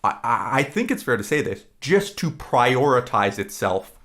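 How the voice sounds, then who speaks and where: A man's voice: medium pitch, big pitch swings, fairly bright tone. A man co-hosting a podcast, rambling and swearing casually as he retells movie scenes. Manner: rambling, profane, retells scenes with quick impressions. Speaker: podcast co-host.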